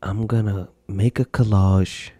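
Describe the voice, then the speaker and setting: A man's voice: on the low side, level tone, a little slow, mellow, no room sound, clean studio sound. A man hosting a podcast in casual, profane chat, laughing in disbelief as he talks. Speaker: podcast host.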